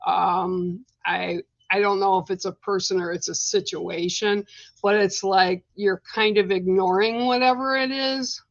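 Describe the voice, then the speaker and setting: A woman's voice: mid-range voice, fairly even intonation, measured pace, no room sound, muffled recording. A woman giving psychic card readings on a livestream, speaking in a meandering way with many fillers.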